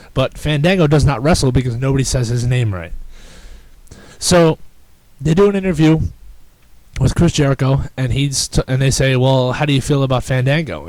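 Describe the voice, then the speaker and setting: A man hosting a podcast in casual chat, rambling and excitable with frequent restarts. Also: medium pitch, normal speed, no room sound, low-quality recording. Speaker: podcast host.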